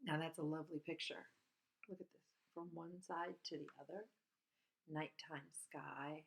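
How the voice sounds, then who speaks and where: A woman teaching at an outdoor school, reading a bird picture book aloud and chatting about the birds, breaking into high bird calls and hushed whispers. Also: steady tone, normal speed, creaky. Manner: shifts to hushed whisper for quiet parts.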